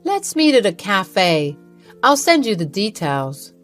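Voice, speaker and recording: Brief: woman voicing a flirty rich charmer, easy and persuasive, soft music under. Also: medium pitch, sing-song, takes it slowly. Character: smooth-talking flirtatious rich man.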